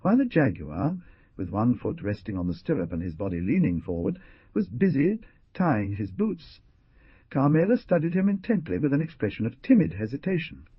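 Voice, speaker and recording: A man narrating an adventure audiobook in an expressive storytelling manner. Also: medium pitch, normal speed, breathy edge, no room sound, dull audio. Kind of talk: scripted narration.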